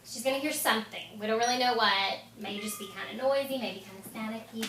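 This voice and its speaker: A woman audiologist with a fairly high voice talks calmly and reassuringly, one step at a time. The recording is roomy and distant, caught by a camera across a clinic room with clear background noise. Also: quick pace. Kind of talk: clinical instructions.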